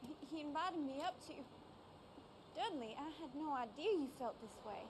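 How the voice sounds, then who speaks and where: A startled young woman in a video game, stammering and high, her pitch leaping about. The voice sounds distant through game audio with background noise. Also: lively intonation, normal speed. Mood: shocked. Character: shocked young woman caught in a love quarrel.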